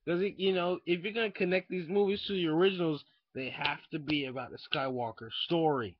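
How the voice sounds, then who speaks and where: A young man ranting casually into a webcam indoors, profane and rambling, swinging from muttering to shouting. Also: on the high side, brisk, no room sound. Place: indoors at home. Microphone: webcam mic. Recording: dull lo-fi webcam audio.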